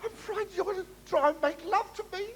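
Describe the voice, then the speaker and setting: A man voicing a tearful, frightened young country girl with a high, quivering wail. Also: fast, a little hiss or hum.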